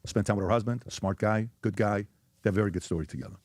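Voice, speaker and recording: A man's voice: fairly low pitch, fast, darkish tone, no echo, studio quality. A man talking in an interview, arguing emphatically and firing off rhetorical questions. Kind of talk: interview conversation.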